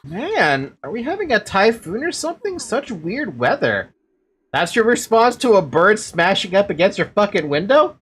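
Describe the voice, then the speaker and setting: A woman's voice: mid-range voice, very animated, normal speed, breathy edge. A young woman streaming a game, talking casually with sarcastic, cursing remarks. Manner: sarcastic, swears freely.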